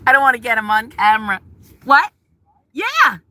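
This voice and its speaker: A woman's voice: on the high side, big pitch swings, normal speed. A middle-aged woman, a schoolteacher, chatting casually on a live stream from her car, reading viewer comments aloud with frequent laughs and fillers. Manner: chatty and warm, laughs often, many fillers. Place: inside a car.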